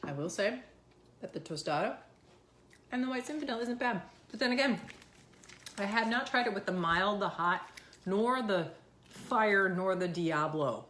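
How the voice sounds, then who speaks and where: A woman's voice: on the high side, lively intonation, normal speed, long pauses, fairly bright tone, a little hiss or hum. A woman in her thirties, chatting casually and rambling on camera at home. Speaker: vlogger. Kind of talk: casual chat. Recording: roomy echo.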